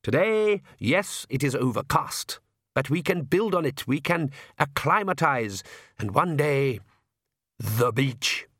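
A man voicing a pompous, cheerful vampire count who speaks slowly and genteelly, in an audiobook reading. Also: medium pitch, animated, fairly bright tone, no room sound, studio quality. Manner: slow, genteel, self-satisfied.

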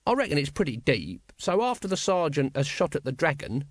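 Man putting on a drawling sarcastic guard, flat and unbothered, dry sound. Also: a little high, brisk, dry recording. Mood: deadpan. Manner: mild, unimpressed, drawling. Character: dry, sardonic male guard.

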